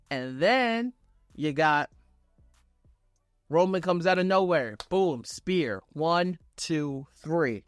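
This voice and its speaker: A man giving a casual, excitable and profane reaction review, retelling a wrestling show blow by blow. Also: on the high side, slow pace, dry recording, clean studio sound, soft background music. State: on vacation.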